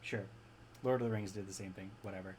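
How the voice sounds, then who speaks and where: A man's voice: low-pitched, fairly even intonation, quick pace, a little mellow, a little hiss or hum, low-quality recording. Rambling enthusiastic man chatting casually. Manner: enthusiastic, rambling, asks "right?" often. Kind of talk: casual chat.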